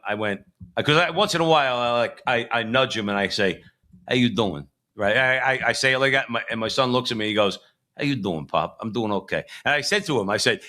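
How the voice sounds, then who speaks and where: A man's voice: medium pitch, pushed and bright. A middle-aged man co-hosting a live political talk show, talking in a rambling, emphatic way with frequent restarts. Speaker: co-host.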